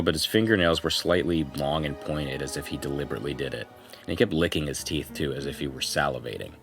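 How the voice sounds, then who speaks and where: A man with an extremely low, deep voice reads a first-person story aloud on a podcast, slipping in loose conversational asides between passages. Faint music sits quietly behind him. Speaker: podcast co-host. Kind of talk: reading a forum post aloud as a story.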